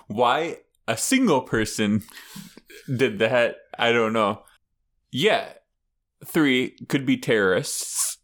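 A man's voice: mid-range voice, expressive, drawn-out words, pauses often, a bit bright. A man co-hosting a podcast, chatting casually and laughing as he spins a made-up story. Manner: playful, laughs while telling a made-up story. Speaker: podcast co-host. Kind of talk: casual chat.

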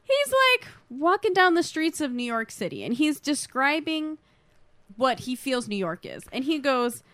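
High-voiced woman swearing her way through a show recap, super lively, dry close sound. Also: measured pace, dry recording. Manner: animated, profane, acts out quotes. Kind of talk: casual chat recapping a TV show.

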